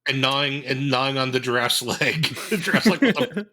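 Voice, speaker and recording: A man in casual podcast chat, emphatic and opinionated, tripping over restarts. His mid-pitched voice is very bright and sharp. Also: a little fast. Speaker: podcast co-host.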